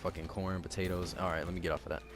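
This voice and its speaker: A man's voice: deep voice, rapid-fire. Young man telling a swearing story. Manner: animated, heavy swearing and slang. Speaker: vlogger. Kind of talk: casual storytelling. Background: background music.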